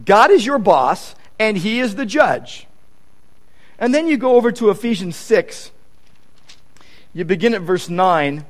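Male pastor, sermon delivery, high and very lively voice, repeats points for emphasis. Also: unhurried, long pauses. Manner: animated, acts out quoted conversations; emphatic repetition.

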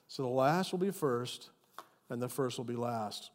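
A male pastor preaching a sermon with animated, emphatic storytelling. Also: mid-range voice, measured pace, big-room sound.

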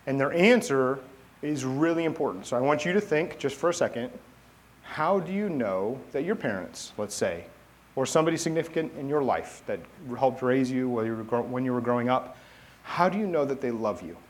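Guy pastor preaching, chatty storytelling tone, mid pitch voice. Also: expressive, a little fast. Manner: conversational storytelling. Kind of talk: sermon.

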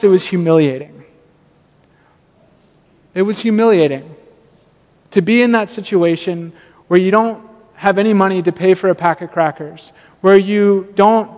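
Male pastor, high voice, storytelling sermon, self-deprecating, reverberant hall sound. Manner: self-deprecating storytelling, animated quoted asides. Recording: long reverb of a church hall.

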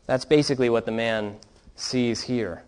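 A man's voice: medium pitch, moderate pace, a little mellow, clear, resonant tone. Man preaching an earnest sermon. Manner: earnest preaching, reads quoted account with rising fervor. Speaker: pastor.

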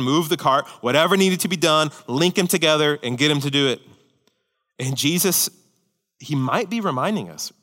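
A man pastor delivers an animated sermon, acting out quotes with a humorous touch. His voice is bright and forceful. It rings out with the long reverb of a church sanctuary. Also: medium pitch. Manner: animated preaching, acts out quotes, humorous asides.

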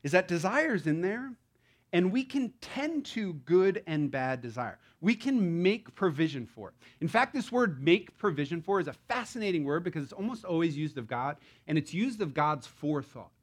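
A man preaching a sermon to a congregation in a conversational, animated way, with frequent asides and rhetorical questions. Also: a little high, moderate pace. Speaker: pastor.

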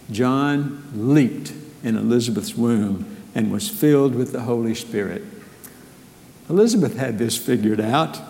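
A man preaching a sermon as pastor, measured and earnest, asking rhetorical questions of his congregation. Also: medium pitch, mellow, big-room sound.

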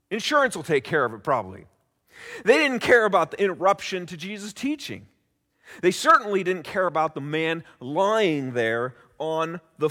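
A male pastor delivers a sermon as a story, with dramatic pauses. His pitch is mid-range and swings widely for emphasis. The voice carries long reverb through a church sanctuary. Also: fairly bright tone.

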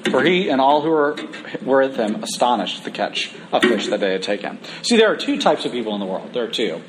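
A man preaching a conversational sermon, humorous at times and slowing down for emphasis. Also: medium pitch, slight background noise.

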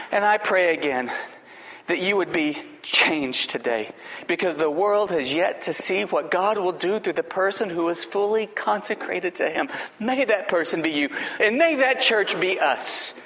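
A man pastor delivering an impassioned sermon, slowing down for emphasis and dropping to a hushed tone in prayer. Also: high voice. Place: church sanctuary. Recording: echoey hall, faint noise.

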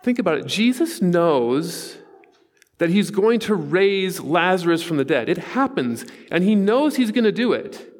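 A man's voice: high-pitched, very animated, unhurried, in a large hall. A man in his forties preaching a sermon, telling stories in an earnest, conversational way with asides to the congregation. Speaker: pastor. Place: church sanctuary.

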